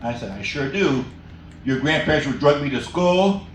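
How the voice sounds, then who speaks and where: A man's voice: fairly high pitch, expressive, moderate pace, a little hiss or hum. A middle-aged man doing a stand-up comedy set in a small cafe, rambling and laughing at his own jokes. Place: small cafe stage with live audience. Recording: echoey room, mic from far off.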